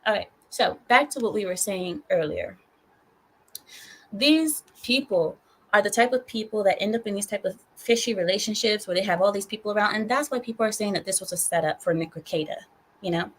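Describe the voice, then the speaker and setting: A hoarse woman hosting a casual live stream, teasing and scolding her viewers in a mock-stern way. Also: medium pitch, brisk. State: hoarse from screaming. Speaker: livestream host.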